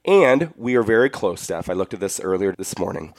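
A man's voice: on the low side, very animated, a little fast, dry recording, clean studio sound. A man co-hosting a podcast in casual chat, upbeat and enthusiastic. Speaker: podcast co-host.

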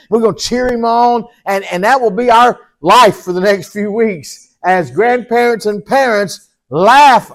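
An older pastor preaching with earnest, folksy warmth and repeated refrains. His voice is notably high for a man. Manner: earnest, repetitive, folksy storytelling. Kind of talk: sermon.

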